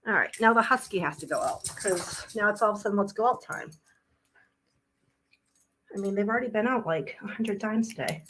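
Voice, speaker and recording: A woman's voice: mid-range voice, lively intonation, a little fast, long pauses, fairly bright tone, a little hiss or hum, poor audio. A woman on a casual live stream at home, blunt and sweary, chatting with her viewers and her dogs, a little out of breath. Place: home, indoors.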